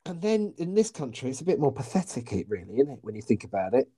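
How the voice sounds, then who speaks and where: A man co-hosting a podcast, with a mellow, warm tone. He is wry and teasing, and chats casually. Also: mid-range voice, big pitch swings, fast, husky. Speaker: podcast co-host. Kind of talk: casual chat.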